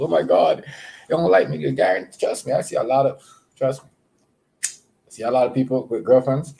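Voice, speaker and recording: A man hosting a casual livestream, rambling with many fillers and repeated words, giving shout-outs to viewers. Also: medium pitch. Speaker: livestream host.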